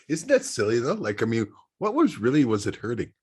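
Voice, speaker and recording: A man's voice: mid-range voice, huge pitch swings, normal speed, breathy edge. A man hosting a casual podcast chat, telling rambling stories and laughing at his own punchlines. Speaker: podcast host.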